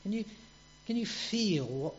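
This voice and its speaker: A man's voice: high voice, expressive, a little slow. A man preaching a sermon in an earnest way, repeating his words and putting questions to his listeners. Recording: dull lo-fi recording with mains hum.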